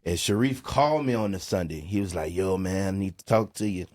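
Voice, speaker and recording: Speaking fairly quickly in a low voice, a middle-aged New Orleans man who produces music shares a personal story as a podcast guest. He's an animated storyteller, performing the dialogue he quotes and sprinkling in "bro" and "man."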